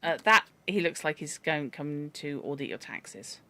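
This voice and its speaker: Here the voice is medium-pitched, animated and sharp-toned, moving at a measured pace. A chatty gamer rambles through let's-play commentary, musing over word origins and character looks, reading from a dictionary and exclaiming at a cat.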